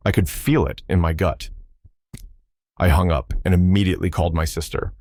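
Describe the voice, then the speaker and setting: A man narrating a first-person story in a steady, even storytelling delivery. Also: sits low, normal speed, no echo, studio quality.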